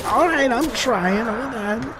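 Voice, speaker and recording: A man's voice: very high-pitched, animated, takes it slowly, over a noisy crowd, heavily acted. An actor playing a drunk, defiant teenage boy who slurs and giggles.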